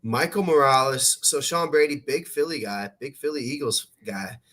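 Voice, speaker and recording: Male sports podcast host, mid-pitch, brash and profane, casual chat. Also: lively intonation, pushed and bright. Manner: brash, profane, fast-talking.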